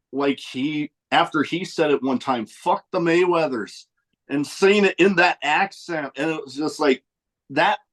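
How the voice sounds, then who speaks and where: Male podcast host, slow and halting, slightly high voice. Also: rough recording. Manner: unhurried, halting questions with fillers. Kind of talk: casual interview chat.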